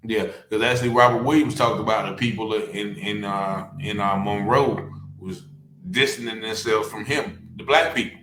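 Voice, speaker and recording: Hesitant low-voiced host, roomy sound. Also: male voice, moderate pace, fairly bright tone, a little hiss or hum. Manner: hesitant, repeats words while searching for them. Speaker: talk show host. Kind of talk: casual conversational interview. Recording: roomy echo.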